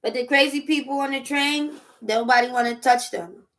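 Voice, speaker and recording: A woman chatting casually over dinner as a vlog host, animated, laughing often and riffing through asides. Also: sits high, normal speed. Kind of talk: casual chat while eating dinner.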